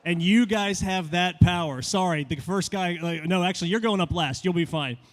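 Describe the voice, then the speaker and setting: A stand-up comic hosts the show from a club stage. His voice sits a little high and gets loud on the punchlines, with long reverb from the room behind it. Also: normal speed. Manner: loud, building to high excited shouts. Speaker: comedy show host. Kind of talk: stand-up comedy.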